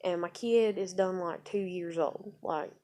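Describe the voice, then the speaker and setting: Speaking at a measured pace in a fairly low voice, this woman vlogger rambles through a personal story full of profanity. She alternates between hushed asides and loud bursts.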